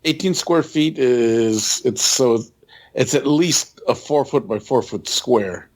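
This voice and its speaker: A man's voice: mid-range voice, slow pace. A man co-hosting a podcast in casual chat, restarting sentences as he reminisces. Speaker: podcast co-host.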